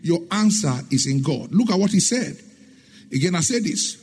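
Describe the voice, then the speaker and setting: High, lively preaching man. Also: moderate pace, husky. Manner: emphatic preaching, sing-song rises, asks the congregation questions; acts out dialogue in his stories. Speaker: pastor. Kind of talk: sermon.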